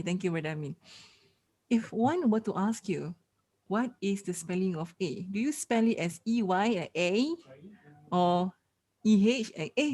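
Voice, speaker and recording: A woman's voice: lowish voice, darkish tone. Malaysian woman teaching Quran letters. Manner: playful, quizzing students, mixing in Malay. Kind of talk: online class teaching.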